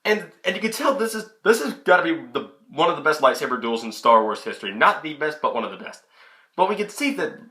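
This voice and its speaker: A man's voice: on the high side, fast talker. A young man giving a casual, chatty film review into his camera. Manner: chatty, excitable, many restarts. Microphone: camera mic.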